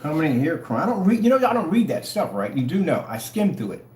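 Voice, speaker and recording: A man's voice: a little high, big pitch swings, fast, darkish tone. A man ranting to the camera, mocking and taunting his critics with dramatic swings in tone. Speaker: online product seller. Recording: echoey room, faint noise.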